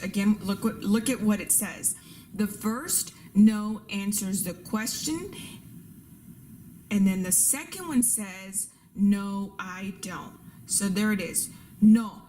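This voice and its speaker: A woman's voice: mid-range voice, darkish tone, slight background noise. Patient woman teaching a language lesson. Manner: patient, repeats rules and examples, checks in with "right?". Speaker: Spanish teacher. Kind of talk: classroom lesson with slides.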